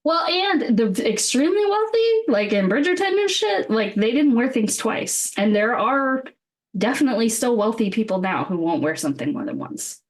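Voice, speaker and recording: A woman's voice: a little high, big pitch swings, normal speed. Laughing, joking podcast co-host woman. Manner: joking, swears freely, laughs often. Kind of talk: casual chat.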